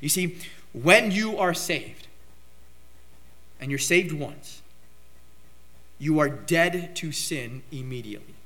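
High, bright-voiced male preacher. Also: animated, takes it slowly, long pauses. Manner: emphatic preaching, rising to loud outbursts on key phrases. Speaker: pastor. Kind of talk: sermon.

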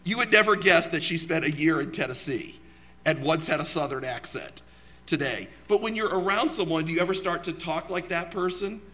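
A young man giving a sermon in a church, with a voice a little higher than most men's. He speaks in a relaxed, conversational way. He asks his listeners questions and tells personal stories. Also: fairly quick. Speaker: preacher.

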